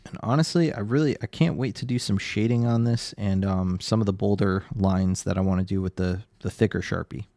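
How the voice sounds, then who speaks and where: A man's voice: fairly low pitch, brisk, dark tone. A man with a Northeastern American accent, chatting casually with his livestream audience while drawing. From Connecticut, USA. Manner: chatty, reads chat aloud, laughs often. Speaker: livestreaming artist.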